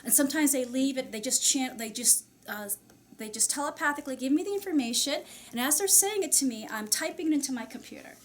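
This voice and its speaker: A woman's voice: sits high, expressive, fast, a little hiss or hum. A woman channeler speaking to an audience in a casual, chatty way, full of fillers and small laughs. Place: society meeting room.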